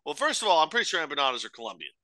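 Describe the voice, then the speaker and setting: A young adult man co-hosting a podcast, arguing his point in animated, opinionated, sweary casual talk. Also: fairly high pitch, rapid-fire, no echo. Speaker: podcast co-host.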